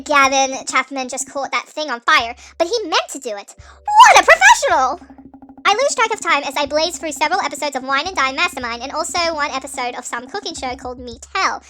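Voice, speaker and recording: Brief: jokey woman gamer narrating, very high and lively, bright tone, sped-up nightcore sound. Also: a little hiss or hum. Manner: chatty, jokey, trips over words. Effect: sped-up, pitched-up nightcore edit. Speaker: gamer narrating a story game. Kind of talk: playthrough narration with commentary.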